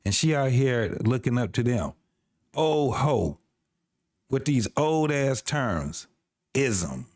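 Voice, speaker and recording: A man's voice: medium pitch, big pitch swings, slow pace, a little mellow, no echo, clean studio sound. A man hosting a podcast, reacting to video clips with exasperated, profane ranting.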